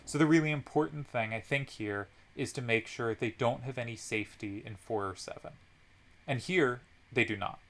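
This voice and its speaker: A man's voice: medium pitch, moderate pace, fairly bright tone. A man commentating a card game tournament, analyzing each move step by step with frequent ums.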